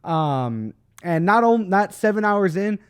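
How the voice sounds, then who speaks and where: A man's voice: sits high, big pitch swings, takes it slowly, smooth. A young man co-hosting a podcast in casual chat, joking crudely and saying "dude" often. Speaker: podcast co-host.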